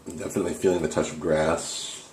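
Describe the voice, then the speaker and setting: A man's voice: low-pitched, flat delivery, fast, darkish tone, reverberant, a little hiss or hum. A man hosting a spoof paranormal investigation, rambling and faking panic and awe. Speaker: host of a mock paranormal investigation. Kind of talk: comic mock-serious ghost hunting.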